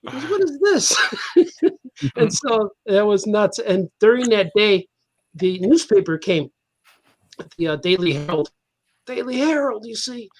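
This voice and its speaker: A man's voice: high-pitched, lively intonation, unhurried, darkish tone. A man, a cartoonist guest on a podcast, telling a casual anecdote, laughing often and acting out the people in his story.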